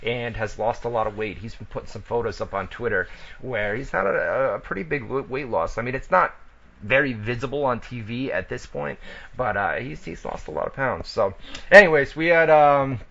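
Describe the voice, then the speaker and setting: Brief: male host, bright forceful voice, profane rambling banter, dull lo-fi radio sound. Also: medium pitch, normal speed, vocal fry. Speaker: wrestling show host. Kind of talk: casual radio chat.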